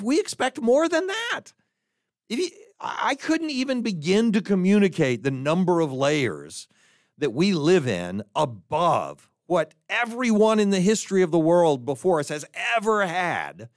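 A middle-aged male pastor giving a sermon, animated and acting out voices as he tells a joke. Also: fairly high pitch, no room sound, clean studio sound. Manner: animated, acts out voices in anecdotes and jokes.

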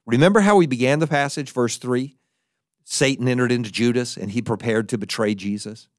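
A man preaching a sermon, who talks in an animated way and acts out the figures he quotes in different voices. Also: medium pitch, brisk, dry recording, studio quality.

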